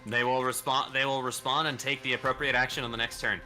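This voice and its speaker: A man narrating as game master of a tabletop game, measured, repeating phrases as he goes. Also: mid-range voice, flat delivery, bright, forceful tone, soft background music.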